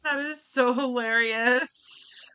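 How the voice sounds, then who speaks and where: A woman's voice: fairly high pitch, steady tone, slow pace, bright, forceful tone, clear, resonant tone. Chatty young woman streamer. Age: 20s. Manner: chatty and rambling, lots of "like" and "um". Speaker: streamer playing a game. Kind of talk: let's-play commentary and chat.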